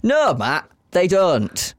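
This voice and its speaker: A man trading banter on a podcast, his voice leaping up and down as he teases and laughs. He sits close to the mic in a dry room, his pitch a touch above the usual. The talk is loose and casual. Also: wildly swooping pitch, extremely slow, dry recording. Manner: teasing, laughs often. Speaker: podcast co-host.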